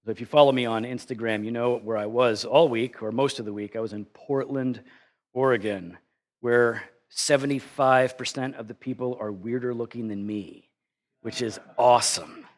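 A middle-aged male pastor giving a conversational sermon, telling stories in an animated, self-deprecating way. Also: medium pitch, moderate pace.

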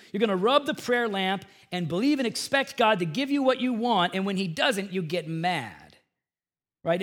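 A middle-aged man preaching a sermon as pastor of a church, shifting from hushed, earnest tones to loud, emphatic bursts. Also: high-pitched.

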